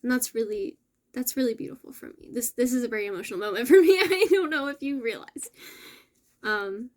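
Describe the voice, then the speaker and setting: Gentle, affirming woman with a higher voice. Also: a little fast. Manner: gentle, affirming, with soft laughs and self-corrections. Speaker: spiritual channel host. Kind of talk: casual spiritual message to viewers.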